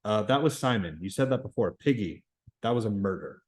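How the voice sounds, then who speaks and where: A man reading aloud and voicing a shaken boy leader who speaks in a low, stricken way. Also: animated, fairly quick, darkish tone, close to an everyday voice.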